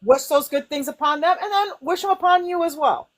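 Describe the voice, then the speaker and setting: A woman hosting a casual spiritual chat, talking in an animated way and acting out inner voices. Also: sits high, a little fast. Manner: animated, acts out inner voices with sighs and cries. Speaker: host.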